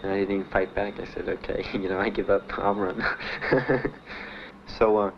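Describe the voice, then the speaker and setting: An older man recounting his past in a halting interview, with many pauses and fillers. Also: on the low side, fairly even intonation, creaky, lo-fi sound, a little hiss or hum. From Miami. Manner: plain, halting storytelling with many "uh"s and "you know"s. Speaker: Vietnam veteran interviewee. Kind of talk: personal recollection in an interview.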